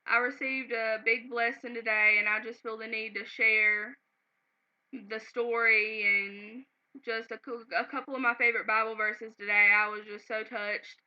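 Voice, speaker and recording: A woman telling a personal story to her camera at home, earnest and sometimes close to tears. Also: medium pitch. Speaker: vlogger. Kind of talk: casual emotional storytelling to camera. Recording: slightly dull, lo-fi home video.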